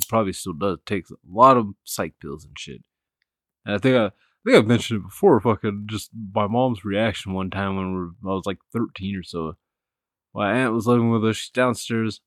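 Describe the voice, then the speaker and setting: A man's voice: lowish voice, dry recording, studio quality. A young man chatting casually and telling a story, swearing a lot and laughing often. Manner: profane, laughing, animated storyteller. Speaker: podcast co-host.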